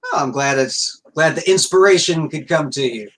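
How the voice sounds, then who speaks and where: A man's voice: a little high, normal speed, a bit bright. A man hosting a livestream talk show, greeting viewers in the chat. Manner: friendly, greets chat by name. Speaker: host.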